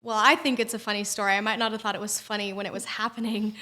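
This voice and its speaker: A young woman guest in an interview, telling a story in a lively way and acting out what was said. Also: mid-range voice, fast talker. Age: young adult. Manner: animated storyteller who acts out quotes. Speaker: interview guest, former political candidate.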